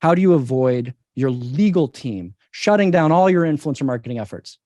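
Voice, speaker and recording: A man's voice: medium pitch, lively intonation, moderate pace, mellow, no room sound. A man, a company CEO, answering interview questions in an emphatic, persuasive way and repeating his key points.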